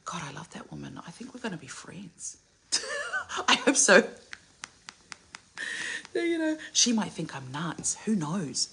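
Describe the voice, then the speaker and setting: Middle-aged woman from samoa just chatting to her camera, gravelly low-ish voice, gets all gushy and squeaky then drops to whispers. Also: normal speed, long pauses, a little hiss or hum. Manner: gushing, animated storytelling with sudden high exclamations and whispered asides. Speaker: singer and entertainer vlogger. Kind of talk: casual chat to camera.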